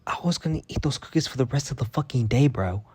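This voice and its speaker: A man's voice: medium pitch, animated, quick pace, darkish tone, breathy edge. A man telling a workplace story in a casual, heated rant, swearing constantly and sounding fed up. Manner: profane, heated and exasperated. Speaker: vlogger.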